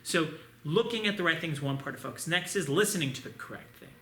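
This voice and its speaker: A martial arts instructor teaching an online class for children, calling out each move and cheering the students on. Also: male voice, a little high, lively intonation, fast talker, sharp tone. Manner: upbeat, coaching, calls out moves. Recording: echoey room, distant mic.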